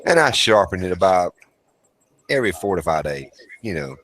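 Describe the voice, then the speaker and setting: A man's voice: low-pitched, very animated, moderate pace, a bit bright, slight background noise, low-quality recording. A man, co-hosting a casual live chat about survival skills in a blunt, rambling and profane way.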